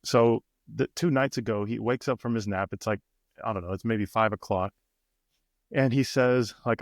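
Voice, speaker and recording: A man's voice: lowish voice, steady tone, moderate pace, no echo, clean studio sound. A man in his thirties, a personal coach and podcast co-host, telling a family story in casual chat with many restarts. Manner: storytelling, many restarts, acts out quoted voices.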